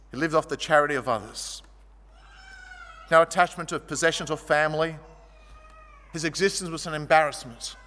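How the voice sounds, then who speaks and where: A man preaching a sermon, his voice pitched high and bright with a tense edge. He tells stories vividly, rising to loud, animated passages and dropping to quiet ones. The sound carries a long hall reverb. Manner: storytelling, shifting from vivid and loud to quiet and low. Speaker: pastor.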